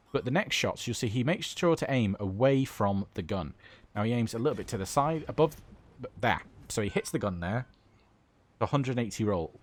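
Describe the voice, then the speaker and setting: A British man giving enthusiastic, chatty commentary over a gameplay replay as a gaming YouTuber. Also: fairly low pitch.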